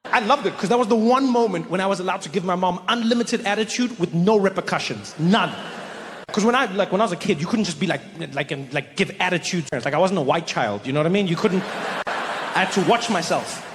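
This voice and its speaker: A man's voice: high voice, fairly quick, a little hiss or hum. A male stand-up comedian telling a story animatedly, acting out characters on a live stage. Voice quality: animated, acts out characters, stammering restarts. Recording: live stage, long hall reverb.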